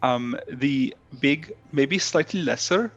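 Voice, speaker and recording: A man's voice: mid-range voice, animated, takes it slowly, fairly bright tone, highs cut off. Hesitant man role-playing a tabletop character. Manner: hesitant, full of ums. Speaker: player.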